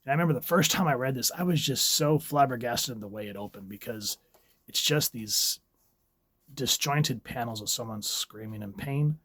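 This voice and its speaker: A man's voice: mid-range voice, moderate pace, fairly bright tone, no echo. A man casually reviewing a comic book, chatty and a bit rambling as he recaps the pages.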